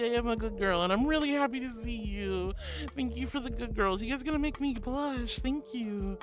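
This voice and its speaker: A woman's voice: on the high side, normal speed. A woman streaming and reading her chat aloud, bubbly and sweet, calling viewers sweetie. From Florida. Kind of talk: casual chat. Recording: music playing behind.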